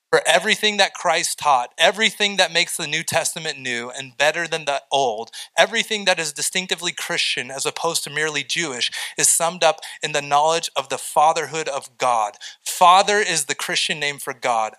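A middle-aged man preaches with a bright, forceful tone. His voice sits a little high for a man. He tells stories with energy and acts out the voices he quotes. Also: fairly quick, few pauses, low-quality recording. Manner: animated storytelling, acting out quoted voices. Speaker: pastor. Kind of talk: sermon.

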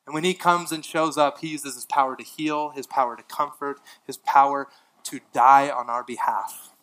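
A male pastor preaching a sermon, swinging from emphatic lines to hushed ones, with casual asides and light laughs. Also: medium pitch, fairly even intonation, normal speed, poor audio.

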